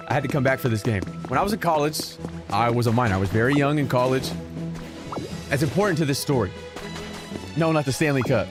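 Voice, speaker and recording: A young man streaming a game, telling a rambling story in casual chat, often stopping and restarting his sentences and getting more animated as he goes. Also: mid-range voice. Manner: animated, rambling, self-interrupting. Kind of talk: casual storytelling while gaming. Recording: music playing in the background.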